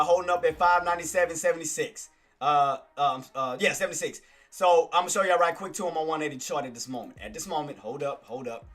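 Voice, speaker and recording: A man giving live trading commentary, excitable and boastful, repeating himself as he shows his gains to viewers. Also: fairly high pitch. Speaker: day-trading streamer.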